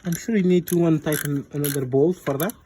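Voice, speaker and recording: A man's voice: a little high, brisk, mellow. A young man casually explaining a car repair, laid-back and chuckling as he films his friend. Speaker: amateur car mechanic filming. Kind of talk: casual chat while working on a car. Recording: noisy workshop with tool clicks.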